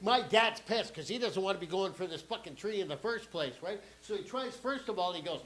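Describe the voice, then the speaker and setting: A man's voice: high voice, animated, poor audio. Profane man doing stand-up. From Canada. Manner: profane, swings between quiet asides and sudden shouts; acts out family members in quick voices. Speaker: comedian and cartoonist. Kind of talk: stand-up comedy with a drawing lesson. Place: theatre stage with a live audience.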